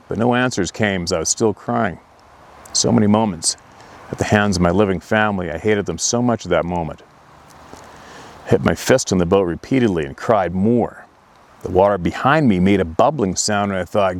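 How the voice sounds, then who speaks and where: A man, host of an outdoors channel, earnestly recounting a painful personal memory in slow, emotional storytelling. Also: on the low side, a little hiss or hum.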